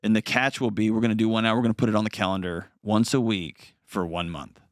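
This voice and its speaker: A man hosting an advice call-in show, talking in an earnest, conversational way and gently reassuring a caller. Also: lowish voice, fairly even intonation, quick pace, no room sound, studio quality.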